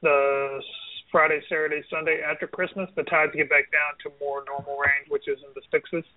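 A man from coastal Georgia on a casual radio chat, explaining in a steady, matter-of-fact way. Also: a little high, brisk. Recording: tinny phone line.

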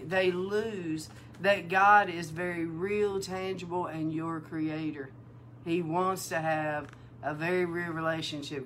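A woman minister giving an emotional testimony in a sermon, telling her story with animated feeling. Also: lowish voice, a little hiss or hum. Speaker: prophetic minister.

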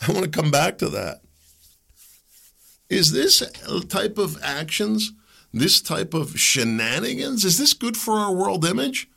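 A fired-up male podcast host delivering political commentary with a gravelly edge to his voice. His pitch runs a bit high and swings widely as he preaches and hammers rhetorical questions, stumbling over repeated words in the heat of it. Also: pushed and bright. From United States. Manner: repeats words when heated.

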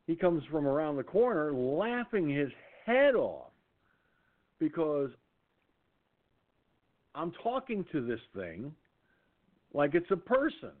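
A man hosting a call-in radio show, telling a rambling anecdote in a casual, animated way with many restarts. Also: fairly high pitch, takes it slowly, pauses often. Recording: tinny phone line.

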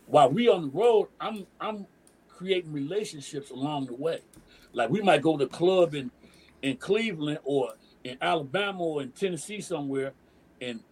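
Guesting on a podcast, a Detroit DJ and emcee in his middle years tells a long, animated story in casual, cursing street slang and switches into the voices of the people he quotes. His voice is a bit high for a man, husky and a little rough. The audio is poor.

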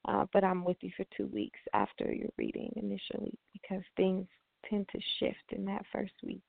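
A woman radio host with a deeply gravelly, creaky voice gives steady, calm readings. Her voice comes through a tinny, phone-like line with a dry, close sound. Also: no echo. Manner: calm, steady advice-giving. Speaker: radio host and spiritual reader.

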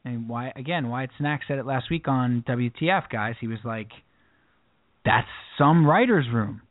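Speaking fairly quickly in a medium register, this male podcast co-host spins a rambling anecdote full of false starts. The audio has a dry, phone-like lo-fi quality.

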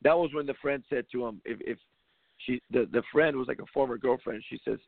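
A man who coaches basketball hosts a loose, emphatic monologue, often circling back and restarting his sentences. His voice is rough and gravelly. It comes through a thin, phone-like line with a dry, close sound. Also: mid-range voice, a little fast, no echo. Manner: rambling, emphatic, frequent restarts. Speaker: basketball coach and show host. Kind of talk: casual monologue.

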